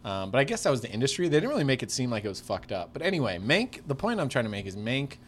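A man's voice: mid-range voice, very animated, fast, a little hiss or hum. A man in his thirties chatting casually on a comedy podcast, rambling with lots of fillers. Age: 30s. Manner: rambling, many fillers and restarts.

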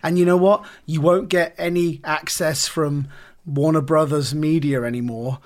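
Rambling British man, slightly high voice. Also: moderate pace. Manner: rambling, animated storytelling. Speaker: podcast co-host. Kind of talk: casual comedic chat.

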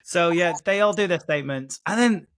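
A man hosting a casual podcast chat, animated, laughing and swearing freely. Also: high-pitched, fairly quick. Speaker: podcast host. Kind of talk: casual chat recapping a soap episode.

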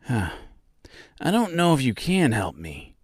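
Mister Scarecrow: a man playing a glum, halting scarecrow. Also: medium pitch, wildly swooping pitch, slightly rough, dry recording, clean studio sound, pitched above the performer's own voice, full character voice. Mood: sad. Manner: sad, halting, hesitant. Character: glum male scarecrow, lonely and self-pitying. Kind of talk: audiobook character voice.

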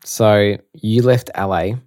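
A man co-hosting a podcast, asking questions in a relaxed, casual way. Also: on the low side, takes it slowly, no room sound, studio quality. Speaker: podcast co-host.

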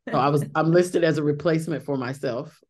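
A woman's voice: sits low, brisk, a little mellow. A middle-aged woman, a Broadway actress being interviewed, talking in a chatty way with many restarts and fillers. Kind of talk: interview conversation.

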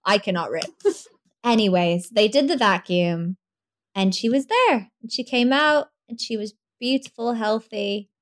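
Young woman on a podcast, bit high voice, telling her birth story all animated and laughing. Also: a little slow. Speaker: podcast guest.

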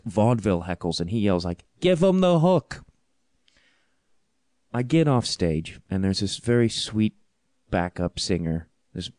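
A man hosting a podcast, telling a comic story in an animated, self-deprecating way, laughing often. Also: fairly low pitch, dry recording, studio quality. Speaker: podcast host and comedian.

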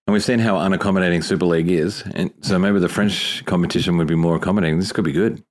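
Deep fast-talking co-host. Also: male voice, fairly even intonation. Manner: eager, chatty, quick to react. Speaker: podcast co-host. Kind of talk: casual call-in chat.

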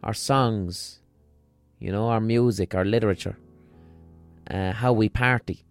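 A podcast host from the south of Ireland speaks in a lowish voice with a Munster Irish accent. He delivers a blunt, emphatic monologue and swears freely. Faint music plays behind him. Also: steady tone, unhurried, clean tone.

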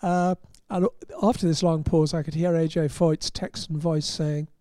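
An English man tells motorsport anecdotes in a wry, rambling way, often breaking off to restart a phrase. His voice sits a little high but sounds warm and mellow. The recording is dry and close. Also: steady tone, moderate pace, no room sound. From England. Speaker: motorsport journalist. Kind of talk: casual anecdote on a podcast.

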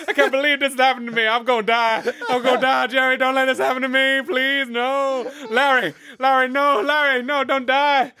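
A shrieking panicked demon. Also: male voice, little pitch movement, moderate pace, hardly any pauses, a crowd in the background. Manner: shrill, frantic wailing through laughter. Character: panicking screeching male demon underling.

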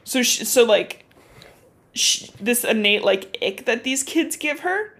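A young woman co-hosting a podcast, casually recapping a book as an animated storyteller who swears and uses lots of fillers. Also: on the high side, slow. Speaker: podcast co-host.

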